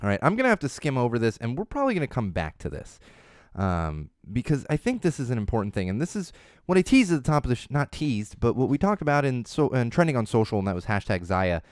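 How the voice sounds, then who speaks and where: A man in his thirties hosts a casual chat show, talking quickly in a mid-range, sing-song voice. He's chatty, restarts often, laughs a lot, and turns emphatic when making a point. The recording is studio quality with no echo.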